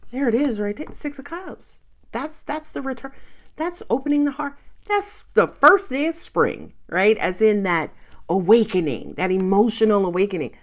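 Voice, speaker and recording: A woman giving a casual tarot reading to camera, chatty and excitable, swearing freely and laughing often. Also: medium pitch, moderate pace. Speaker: tarot reader.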